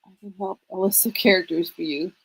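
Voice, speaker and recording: A chatty woman co-hosts a relaxed livestream. She laughs often and greets viewers by name in a casual, easygoing way. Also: fairly low pitch, fairly quick, gravelly, husky, rough recording. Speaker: livestream co-host.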